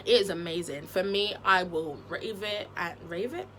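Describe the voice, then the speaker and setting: A woman's voice: lowish voice, normal speed, very noisy. A woman in a candid, chatty vlog to camera, talking frankly and expressively from indoors at home. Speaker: vlogger. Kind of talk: candid casual chat to camera.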